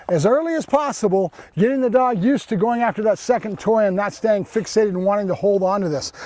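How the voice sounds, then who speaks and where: A man with a high-pitched voice leads a hands-on dog training demonstration. He explains in a plain, instructional way and often checks in with "okay?". His lapel mic gives a close, dry sound with no room echo. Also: a little mellow.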